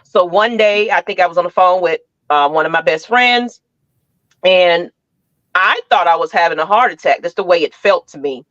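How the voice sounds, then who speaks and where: A woman's voice: fairly low pitch, moderate pace, no room sound. Woman telling a story on a dull, dry recording. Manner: animated storyteller, acts out quotes. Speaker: podcast co-host. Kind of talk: casual chat.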